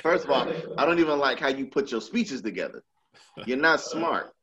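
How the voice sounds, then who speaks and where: A man's voice: mid-range voice, animated, normal speed, dull audio, crowd noise. A man co-hosting a casual podcast, blunt and profane, mocking and laughing as he talks. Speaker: podcast co-host. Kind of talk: casual chat.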